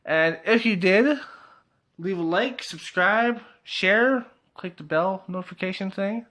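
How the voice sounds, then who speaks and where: A man's voice: high-pitched, slow pace, bright, forceful tone. Chuckling young man with a raised voice. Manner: laughs often, swears, many fillers. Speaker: TV episode reviewer. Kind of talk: casual video review.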